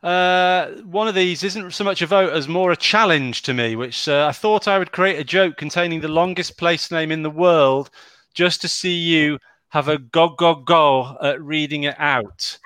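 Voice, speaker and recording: A man's voice: on the high side, normal speed, fairly bright tone, smooth, no echo. Man from wales, host reading jokes out, chatty, dry close sound. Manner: chatty, laughs at the jokes, stumbles over names. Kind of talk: casual live-stream chat.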